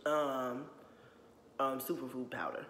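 This young adult male YouTuber takes it slowly, his medium-pitched, fairly bright voice keeping a fairly even intonation as he rants bluntly and profanely in a casual vlog. He keeps repeating "you know what I'm saying." Long reverb fills the echoey room, with slight background noise.

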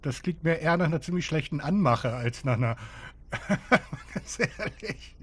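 A man with a German accent chats casually over a game he is playing. He drops joking asides and mock-serious remarks. His voice sits a bit higher than most men's. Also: lively intonation, normal speed, a bit bright, breathy edge. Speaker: let's player. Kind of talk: casual gaming commentary.

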